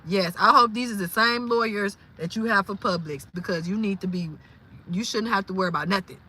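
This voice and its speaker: A woman from Louisiana, hosting a casual livestream and talking in an animated, exclamatory way. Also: mid-range voice, a little fast, slight background noise. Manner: animated, exclamatory, incredulous, laughing often. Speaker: livestream host.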